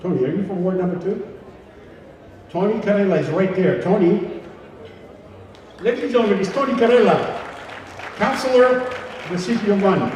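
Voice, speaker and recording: A chatty man emceeing a live gala, ad-libbing to the crowd over a PA microphone in a large banquet hall. His voice sits high. The sound is very echoey with a long reverb tail and heard from a distance, with faint noise behind. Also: expressive, moderate pace, long pauses, darkish tone. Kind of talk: live event hosting and joke telling.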